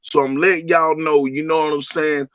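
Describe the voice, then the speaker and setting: Guy bragging crude about his songs, kinda high voice, muffled close recording. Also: level tone, normal speed, a bit bright. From Miami, USA. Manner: boastful, crude, streetwise. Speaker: musician guest. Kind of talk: casual interview chat. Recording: dull lo-fi audio.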